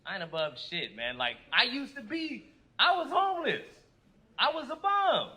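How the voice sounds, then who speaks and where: A man's voice: very high-pitched, very animated, normal speed, bright, forceful tone. A man doing a brash, profane, rambling stand-up comedy set.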